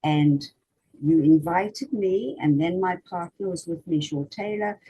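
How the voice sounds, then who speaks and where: A woman's voice: lowish voice, measured pace, breathy edge, muffled recording. A woman from South Africa hosting an interview, chatting casually and praising her guest effusively. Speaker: interview host.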